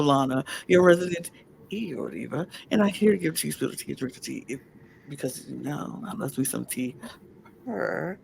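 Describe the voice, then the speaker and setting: A woman hosting a casual podcast in a hoarse, husky, raspy voice, with a sassy, playful manner. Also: low voice, normal speed, a little mellow, a little hiss or hum. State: hoarse, losing her voice. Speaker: podcast host.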